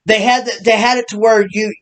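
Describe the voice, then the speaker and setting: A man co-hosting a casual wrestling review, excitable and full of halting restarts. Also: high voice, slight background noise. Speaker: podcast co-host.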